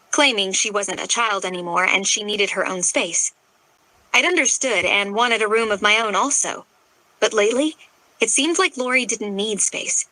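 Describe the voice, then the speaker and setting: A woman's voice: medium pitch, pushed and bright, dry recording, low-quality recording. A woman narrating a romance audiobook in the first person, with emotional, dramatic delivery.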